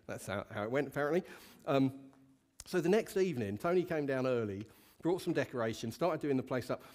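A man's voice: mid-range voice, expressive, a little fast, darkish tone. A male pastor giving a sermon to a congregation, telling a story in a candid, conversational way and asking the room questions. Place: church hall with a congregation.

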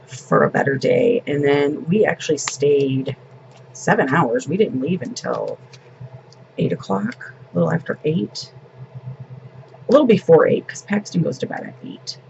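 A woman's voice: low-pitched, vocal fry, darkish tone, dull audio, a little hiss or hum. A woman in her fifties, a grandmother and vlogger, telling a family story in casual, rambling chat.

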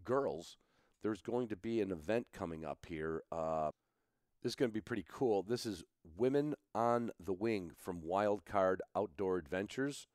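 A man's voice: low voice, a little slow, a little mellow. A road-weary man hosting a podcast in casual, rambling chat, joking about himself between asides, recorded at a picnic table in a garage. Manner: jokey, self-mocking, rambling asides. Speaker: podcast host.

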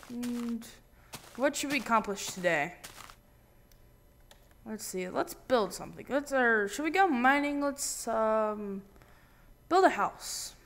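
A man hosting his own gaming channel, giving casual let's-play commentary with random, jokey, excitable banter. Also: extremely high pitch, slow, creaky, long pauses, slight background noise.

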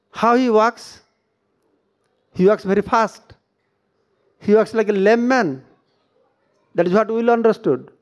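A man with an Indian English accent giving a devotional scripture lecture as a swami, often asking the audience questions and acting out quoted speech. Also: high-pitched. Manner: questioning, acts out quoted speech, frequent "huh?" and "no?" tags. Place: temple lecture hall.

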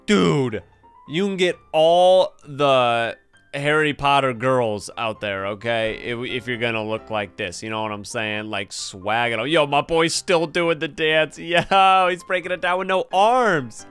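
A young man giving excitable, slang-filled commentary over gameplay, laughing often. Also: mid-range voice, measured pace, clean tone. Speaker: gaming video host. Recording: faint background game music.

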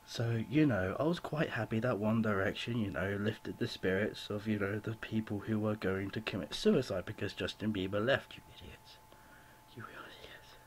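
Young man, home vlog rant, rambling and apologetic, low-ish voice, faint room hiss. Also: moderate pace, few pauses. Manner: rambling, apologetic, full of "you know" fillers. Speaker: vlogger.

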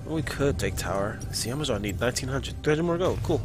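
A young man talking through a video game, profane and excitable, his voice rising and falling in lively swings. Game music plays clearly behind him. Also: medium pitch, fast talker. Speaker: gamer. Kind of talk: casual gameplay commentary.

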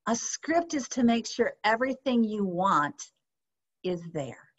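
A woman teaching a sales training session, lively and often checking in with her audience with questions. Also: fairly high pitch, unhurried. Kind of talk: training session on a video call. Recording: slightly dull lo-fi sound.

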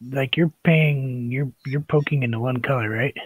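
A man's voice: mid-range voice, normal speed, breathy edge, dry recording, narrow, tinny audio. A man casually demonstrating a painting, chatty and joking as he works. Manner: chatty, joking, laughs often. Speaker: painting instructor. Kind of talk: casual painting demo chat.

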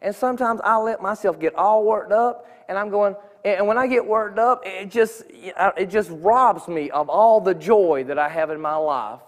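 A man's voice: sits high, normal speed, few pauses. A man giving an earnest, conversational testimony in a church sanctuary, often restarting his sentences. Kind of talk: informal sermon testimony. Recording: long reverb of a church hall.

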